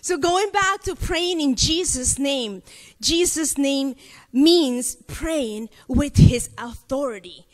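A Latin American woman preaches slowly in a high-pitched voice, recounting a personal experience with animation. She asks her listeners questions throughout, and a hall's long reverb surrounds the recording.

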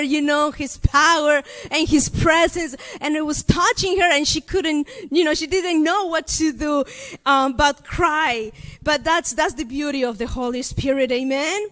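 A woman's voice: sits high, a little slow. A woman from Latin America preaching a sermon, telling a personal story and asking her listeners questions. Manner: animated storytelling, addresses audience with questions. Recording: long reverb of a hall.

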